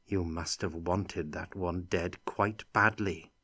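A man's voice: low voice, fairly even intonation, pushed and bright, slightly rough, no room sound, clean studio sound, heavily acted. A man doing a wary, cunning monk. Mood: guarded. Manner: measured, mild, guarded.

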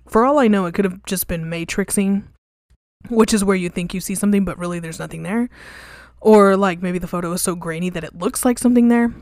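A woman's voice: mid-range voice, a little mellow, dry recording, clean studio sound. A young woman hosting a podcast, telling a ghost story in a candid, profane, casual way with lots of fillers. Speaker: podcast host. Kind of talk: casual storytelling about hauntings.

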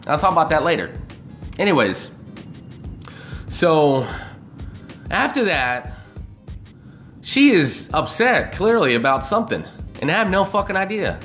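A man's voice: on the high side, sing-song, a little slow, pauses often, fairly bright tone, soft background music. A man talking casually on a live video, rambling and swearing freely as he tells a story. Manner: profane, loose and rambling.

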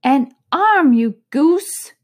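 A woman reading aloud voices an agitated, bossy male rabbit who shouts in a high, shrill voice. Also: steady tone, moderate pace, close to an everyday voice. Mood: scolding.

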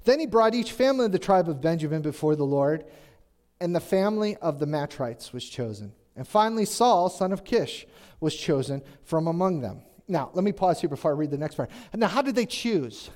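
This preacher's voice sits a little high with a darkish tone, swinging widely in pitch at a fairly quick pace. His sermon is conversational and chatty, full of questions for the congregation and jokes tossed off as asides.

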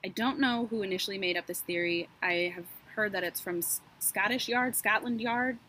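A woman's voice: mid-range voice, moderate pace, pushed and bright, slight background noise. A woman co-hosting a podcast, recounting a true-crime case in a chatty, sarcastic way with lots of asides and fillers. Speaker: podcast co-host. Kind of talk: casual true-crime storytelling.

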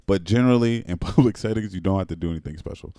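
A man's voice: deep voice, very fast, mellow, dry recording, clean studio sound. A young adult man hosting a casual chat, blunt and profane, laughing often. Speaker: podcast host.

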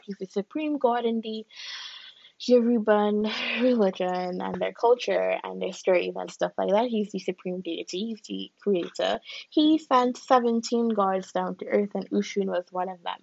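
Woman chatting on her podcast, rough gravelly voice, dull lo-fi sound. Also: mid-range voice, dry recording. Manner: chatty and musing, with frequent "like" and "you know". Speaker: podcast host. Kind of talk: casual podcast talk mixed with reading aloud.

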